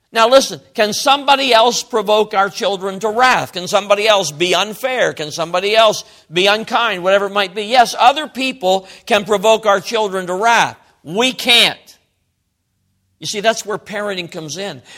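Bright-voiced, gravelly preacher man. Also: sits high. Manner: animated, swings from loud emphasis to quiet asides. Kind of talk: sermon.

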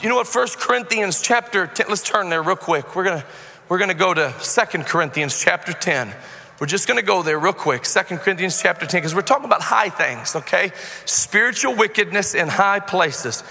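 A man pastor preaching a sermon with passion, building into loud shouted, half-sung praise and yelling as he preaches. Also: high voice, lively intonation, a little fast, creaky, big-room sound. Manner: passionate, yells when preaching. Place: church sanctuary.

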